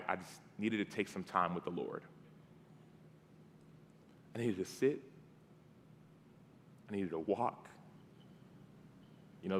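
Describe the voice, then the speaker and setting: A man in his thirties preaching a conversational storytelling sermon. He acts out the dialogue and drops to soft tones. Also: fairly low pitch. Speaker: guest preacher. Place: church sanctuary. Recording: long hall reverb.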